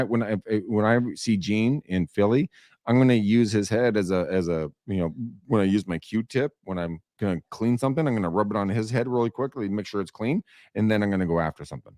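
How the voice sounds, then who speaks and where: Guy with a really low voice joking around on a podcast, curses a lot, dead dry sound. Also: fairly quick, dry recording. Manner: animated, laughing, swears freely. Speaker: show host. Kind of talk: casual podcast banter.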